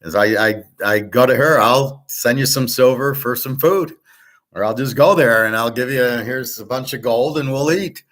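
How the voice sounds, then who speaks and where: A man's voice: medium pitch, moderate pace, fairly bright tone. A man hosting a casual monologue, talking bluntly and rambling, with the odd swear word. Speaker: host.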